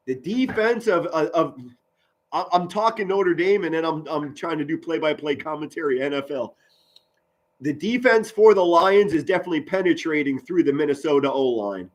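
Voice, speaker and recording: A man, doing loud live football play-by-play and chatting with viewers. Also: fairly high pitch, moderate pace. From Pennsylvania, US. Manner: loud, excitable, swings from mutters to shouts. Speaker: sports commentary streamer.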